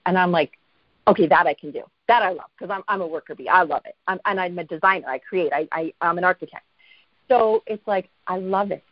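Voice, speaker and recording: A woman guest telling a story in a casual interview, lively and self-deprecating, acting out the voices of people she quotes. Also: medium pitch, no echo, dull audio.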